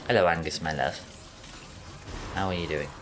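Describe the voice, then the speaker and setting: A man's voice: a bass voice, steady tone, moderate pace, background noise. A man casually commenting on his gameplay, joking and talking to his chat as he plays. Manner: chatty, jokey, talks to chat while playing. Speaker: streamer.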